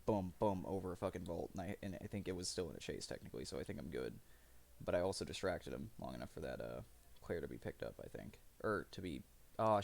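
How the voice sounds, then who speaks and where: A man's voice: deep voice, creaky. A man streaming live, rambling through profane, self-mocking commentary as he plays.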